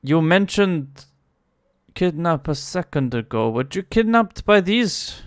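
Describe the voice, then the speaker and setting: A man's voice: fairly high pitch, very animated, slow pace, smooth, no room sound, studio quality. Stern male interrogator, as a man puts him on. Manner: demanding, impatient.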